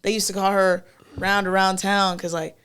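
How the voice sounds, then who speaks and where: A woman's voice: mid-range voice, normal speed, clear, resonant tone. A young woman, a podcast guest, telling a story in casual chat and acting out the people in it. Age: young adult. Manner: lively storyteller, acts out quoted voices.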